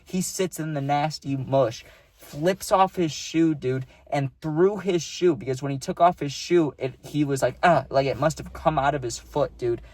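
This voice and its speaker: A man's voice: fairly high pitch, moderate pace, darkish tone, no room sound. A young man telling a spooky personal story in a casual, laid-back way, peppering his talk with "dude" and "right?".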